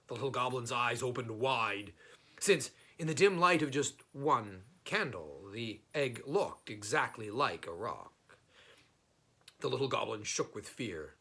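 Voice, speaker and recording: A man reading a children's story aloud in an expressive, unhurried way. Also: mid-range voice.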